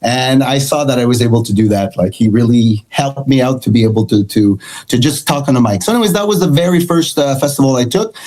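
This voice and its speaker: Animated storytelling middle-aged man. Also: mid-range voice, fast, low-quality recording. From Canada. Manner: animated, acts out quoted dialogue. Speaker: guest, country guitarist. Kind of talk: storytelling interview chat.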